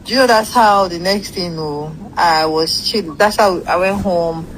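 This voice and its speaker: A woman's voice: on the low side, a little slow, slight background noise, poor audio. A woman casually telling a long personal story, rambling with asides and swearing freely.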